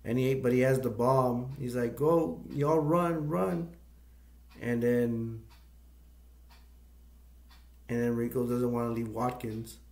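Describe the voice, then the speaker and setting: A man of middle pitch talks casually through a film's story and keeps stopping to search for the right word. His voice sounds echoey, as if recorded in a bare room. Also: completely flat delivery, a little slow, pauses often, darkish tone. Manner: rambling, searching for words. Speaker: movie review channel host. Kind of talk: casual plot recap.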